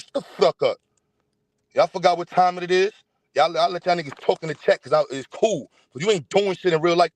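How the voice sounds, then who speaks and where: A young man with a high, bright-pitched voice tears into his opponents on a livestream, loud, profane and mocking. The sound is dry and close, with almost no room echo. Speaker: livestream host. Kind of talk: heated livestream rant.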